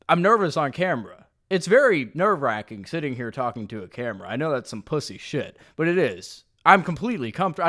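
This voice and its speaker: In a room at home, a young man hosts a casual solo podcast, rambling from one story to the next. He swears freely and leans on crude jokes, his voice a slightly bright, ordinary middle pitch for a man.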